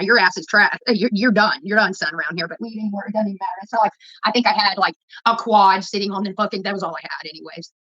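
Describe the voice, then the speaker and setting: A woman's voice: mid-range voice, pushed and bright. A woman, ranting casually to her viewers in a blunt, profane, rambling way. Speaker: vlogger. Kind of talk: casual rant to camera. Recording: dull lo-fi phone audio.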